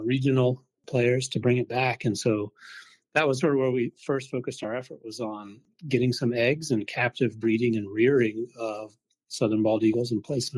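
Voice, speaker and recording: A man with an Oklahoman accent, a conservation researcher, explaining his work in an interview with measured answers. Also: mid-range voice, darkish tone.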